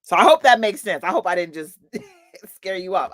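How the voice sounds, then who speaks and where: Lively, chatty woman coach talking to listeners. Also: medium pitch, normal speed, no room sound. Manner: lively, chatty, calls listeners honey and y'all; laughs often between points. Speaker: host and motivational coach. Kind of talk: motivational live talk.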